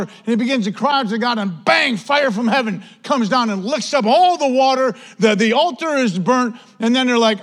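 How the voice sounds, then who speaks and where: A man preaching a sermon as pastor, telling the story with animated energy and acting out the quotes. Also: very high voice, moderate pace, hardly any pauses, big-room sound.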